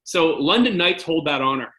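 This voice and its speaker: A man from Canada, a former hockey goalie, casually telling animated stories as a podcast guest. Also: a little high, moderate pace, roomy sound, poor audio. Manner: animated anecdote-telling, filler-heavy. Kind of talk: casual storytelling interview.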